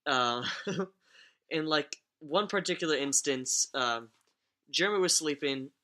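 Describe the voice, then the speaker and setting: A man's voice: fairly high pitch, slow, bright, forceful tone. A young man telling stories on a casual podcast, rambling and swearing, often laughing as he talks. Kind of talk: casual storytelling chat.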